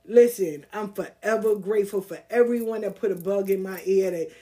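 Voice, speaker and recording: This female podcast host spins casual stories with streetwise bluntness and plenty of profanity, laughing as she talks. She speaks fairly quickly in a mellow, mid-range voice.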